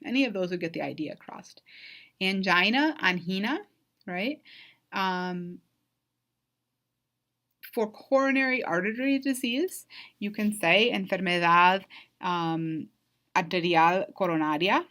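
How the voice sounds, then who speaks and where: A woman's voice: medium pitch, unhurried, long pauses, fairly bright tone. A woman giving a recorded online lecture as a Spanish instructor, explaining vocabulary patiently and checking in with frequent "right?" and "um".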